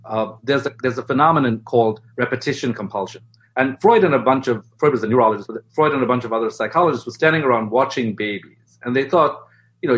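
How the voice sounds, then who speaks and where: Give me an animated man explaining ideas in an interview, slipping into quoted voices. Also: mid-range voice. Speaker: guest expert. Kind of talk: interview conversation.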